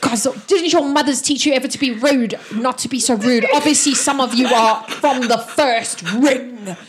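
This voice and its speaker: A woman voicing an excitable young half-elf male guard who blurts things out and shouts. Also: a little high, moderate pace, background noise, natural voice. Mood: indignant.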